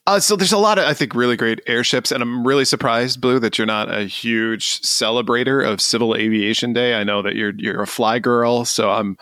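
A man's voice: mid-range voice, brisk, hardly any pauses, no echo, clean studio sound. A man co-hosting a gaming podcast in casual, teasing chat. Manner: animated, teasing. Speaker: podcast co-host.

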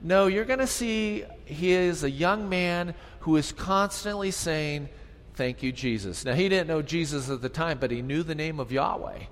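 A man preaching a sermon, telling the story in an animated, conversational way. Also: fairly high pitch, normal speed, hardly any pauses. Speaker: pastor. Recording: long reverb hall.

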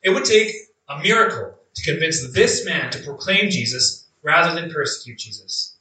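Brief: male actor as a devout, beaten prisoner of faith, earnest and reflective, a bright voice with plenty of room echo and a distant mic. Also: a little high, big pitch swings, full character voice. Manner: earnest, reflective, with drawn-out emphatic phrases. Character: male early believer, imprisoned, beaten, blinded, devout. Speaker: actor in a first-person monologue. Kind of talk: dramatic monologue.

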